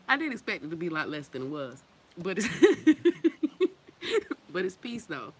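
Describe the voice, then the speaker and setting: A woman hosting a casual livestream, thanking viewers and telling a story in an animated, profane, slangy way, often laughing. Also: sits low, a little hiss or hum, low-quality recording. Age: adult with children. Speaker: livestream host reading viewer comments.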